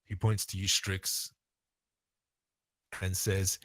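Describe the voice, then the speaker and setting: A man with an Australian accent narrating a tabletop game as game master, relaxed and thinking aloud. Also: lowish voice, measured pace, no echo.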